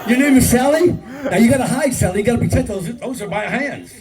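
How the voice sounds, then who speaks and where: A man's voice: very high-pitched, expressive, brisk, noisy background. Older male stand-up comic, crude and brash. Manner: crude, brash, talks to the crowd. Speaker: stand-up comedian. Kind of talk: stand-up comedy set. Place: live comedy club. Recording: distant mic, loud crowd laughter.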